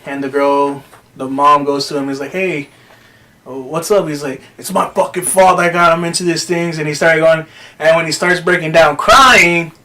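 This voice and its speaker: A man with a bright, forceful, fairly high voice tells a personal story in casual podcast chat. He swears freely and acts out what others said as he goes. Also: moderate pace. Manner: swears often, animated retelling with quoted voices. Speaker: podcast co-host.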